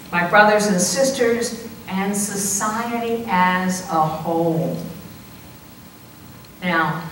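A woman priest preaching a sermon, slow and deliberate with playful conversational asides. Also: medium pitch, fairly bright tone, a little hiss or hum. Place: church sanctuary. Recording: echoey church heard from a distance.

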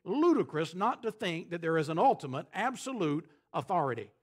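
A man preaching a sermon as pastor, emphatic, pausing for effect and quoting scripture. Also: a little high, sing-song. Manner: emphatic, preaching with dramatic pauses and quoted scripture.

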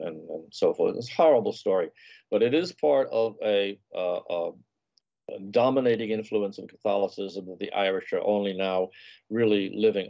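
A man with a low, mellow voice chats unhurriedly as an interview guest, spinning anecdotal travel tales. The sound is dull and lo-fi, like remote call audio. The room gives it a dry, close feel. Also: no echo. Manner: leisurely, anecdotal storytelling. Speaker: food and travel writer guest. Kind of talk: conversational interview.

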